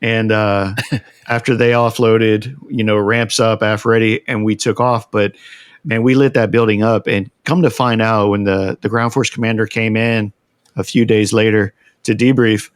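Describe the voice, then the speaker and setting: A man, a veteran guest on a podcast, telling a long story in a casual, animated way and acting out the quotes. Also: on the low side, normal speed, clear, resonant tone, no echo. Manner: animated, acts out shouted quotes.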